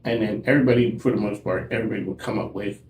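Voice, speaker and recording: A man's voice: on the low side, fairly even intonation, rapid-fire, a little mellow. A man hosting a radio talk show, chatting casually and playfully with a guest. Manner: upbeat, playful host patter. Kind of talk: casual interview chat. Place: museum. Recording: echoey room with faint noise.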